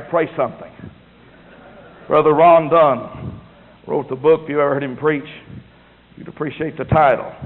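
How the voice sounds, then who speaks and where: A man preaching a sermon in a folksy, emphatic way. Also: fairly high pitch. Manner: folksy, emphatic preaching with rising and falling delivery. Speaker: pastor. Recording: tinny phone-like sound with long hall reverb.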